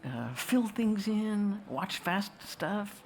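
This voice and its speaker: A woman speaks to a festival audience at a middle pitch, drifting through a long story and now and then taking on other people's voices. Faint room ambience and low noise sit under her. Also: animated, extremely slow. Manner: wry, digressive storyteller acting out voices. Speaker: filmmaker answering questions.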